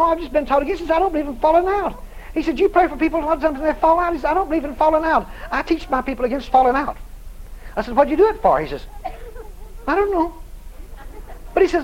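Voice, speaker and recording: A preacher man with a very high voice tells a long story from the pulpit, laughing as he goes and acting out each voice in turn. His pitch swoops up and down with lively energy, and a faint hiss sits behind him. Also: fast talker, lo-fi sound. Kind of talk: storytelling sermon.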